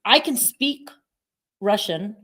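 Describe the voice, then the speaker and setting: A woman's voice: mid-range voice, animated, slow pace, fairly bright tone, breathy edge. A woman hosting an interview in a Brooklyn accent, asking engaged follow-up questions and affirming her guest. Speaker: podcast host. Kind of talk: conversational interview.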